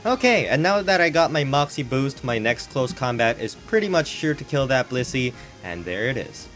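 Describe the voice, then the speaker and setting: A man's voice: medium pitch, sing-song, moderate pace, fairly bright tone, soft background music. A man giving casual live commentary on online battles, rambling and joking with the odd swear word, at home on a hot day. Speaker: game commentator.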